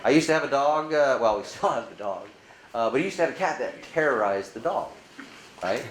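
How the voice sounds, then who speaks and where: A man presents at a conference, telling anecdotes with lively acted-out dialogue and tossing rhetorical questions to the crowd. His voice sits in the middle range for a man. The room echoes around him, with a faint hiss underneath. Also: medium pitch, a little fast. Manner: animated storyteller acting out dialogue; asks the audience rhetorical questions. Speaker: conference speaker. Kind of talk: conference presentation to a live audience.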